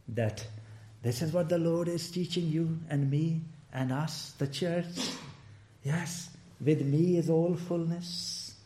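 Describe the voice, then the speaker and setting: A man preaching a sermon in a church, lively and often laughing as he quotes people. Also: mid-range voice. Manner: animated, laughing often, quoting people in raised voice. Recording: echoey church room.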